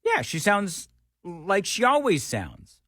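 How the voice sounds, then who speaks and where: Animated American talk radio host. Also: male voice, high voice, slow pace, heavy background noise. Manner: animated, emphatic, repeats phrases. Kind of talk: political talk radio commentary.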